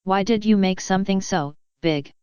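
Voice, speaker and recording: A woman's voice: mid-range voice, moderate pace, warm tone, clear, resonant tone, dry recording, lo-fi sound, natural voice. A woman voicing a timid young filly pony who stammers and apologizes, in a storybook reading. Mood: curious.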